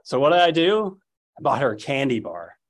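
Brisk and sing-song, a medium-pitched man in his thirties delivers a storytelling sermon drawing on scripture and family anecdotes. He plays the people he quotes, giving them raised voices.

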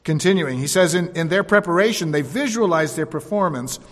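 A man preaching a sermon, repeating phrases for emphasis and dropping to quieter tones. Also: a little high, lively intonation, fairly quick. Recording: long hall reverb.

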